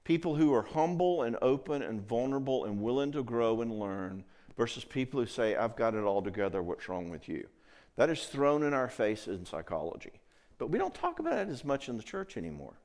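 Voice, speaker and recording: A middle-aged man speaks to a conference audience about marriage in a loose, conversational way. His voice sits at an ordinary middle pitch. He often stops to check in with the listeners. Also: very animated, brisk, a little mellow. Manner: conversational, acts out quoted voices, frequent check-ins.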